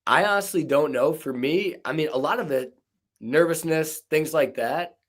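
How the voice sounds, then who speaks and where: A man's voice: a little high, moderate pace. A young man guest talking casually, rambling with lots of fillers and a slight stutter. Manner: stutters at times. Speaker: podcast guest. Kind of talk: casual conversation.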